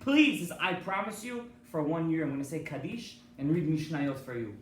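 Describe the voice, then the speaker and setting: A shrill, raised voice of a tormented dead man's soul, as a preacher puts it on, accusing and begging by turns. It rings loud and high in an echoey hall, picked up from a distance. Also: expressive, moderate pace, lightly acted. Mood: pleading.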